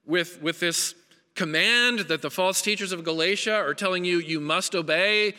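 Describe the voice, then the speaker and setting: A man's voice: high-pitched, moderate pace, bright, forceful tone, clean tone. Earnest man preaching in a reverberant hall. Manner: earnest, emphatic preaching with repeated phrases and restarts. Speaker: pastor. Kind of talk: sermon.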